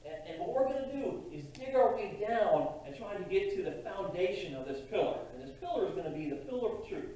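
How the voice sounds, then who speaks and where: A man preaching a sermon as pastor, in a conversational, halting way with frequent restarts. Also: on the high side, mellow, a little hiss or hum. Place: church sanctuary. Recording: distant mic in a very echoey church hall.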